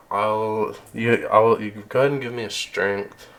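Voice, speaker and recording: A man runs a tabletop game in a slow, low-pitched voice. He narrates casually and haltingly, often restarting his sentences. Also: fairly even intonation, fairly bright tone. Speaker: game master.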